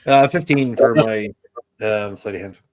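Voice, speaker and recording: A man's voice: lowish voice, unhurried. A man playing in a tabletop game, talking casually and hesitantly, asking questions. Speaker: player.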